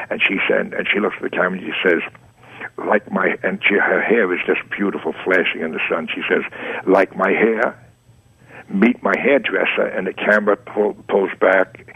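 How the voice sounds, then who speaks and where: Gravelly older man telling stories. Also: lowish voice, bright, forceful tone, no echo, highs cut off. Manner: anecdotal, many restarts, acts out quotes. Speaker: guest, advertising art director. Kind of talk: storytelling interview answers.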